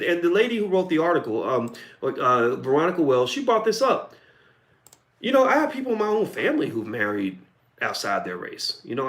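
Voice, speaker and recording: A man's voice: mid-range voice, a bit bright. A middle-aged man from Kentucky giving a blunt, combative video commentary monologue, full of profanity and emphatic asides. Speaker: online commentator.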